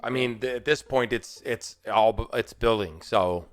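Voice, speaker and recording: A man's voice: mid-range voice, moderate pace, faint music behind. A man narrating and voicing characters as game master of an online tabletop game, casual and swearing now and then. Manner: casual, swears, laughs easily. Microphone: computer mic on a voice call.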